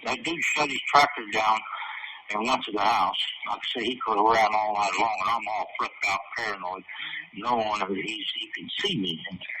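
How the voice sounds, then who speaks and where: A man tells a long story in an interview, rambling and cursing freely as he chuckles at his own story. His voice sits at an ordinary middle pitch. It sounds far from the mic over a steady noisy background. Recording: distant, noisy recording.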